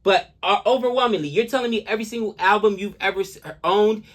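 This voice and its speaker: Animated high-voiced man chatting. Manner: animated, talkative, quick asides. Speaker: reaction channel co-host. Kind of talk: casual chat.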